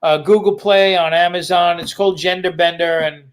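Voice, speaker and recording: A man's voice: high voice, steady tone, moderate pace, clean tone. A man, a comedian guest on a podcast, chatting casually in an easygoing way and explaining things at length. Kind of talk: casual chat.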